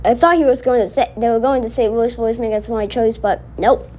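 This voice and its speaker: A woman's voice: a little high, fairly even intonation, brisk, dark tone. A woman giving casual reaction commentary, indignant and rambling as she talks back at a cartoon she is watching. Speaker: reaction video host.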